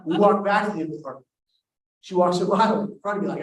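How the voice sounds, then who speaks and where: An animated man on stage, telling a self-deprecating comic story at a quick clip. His voice sits fairly high. It echoes heavily through a large event hall, caught from some distance. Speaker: keynote speaker, host.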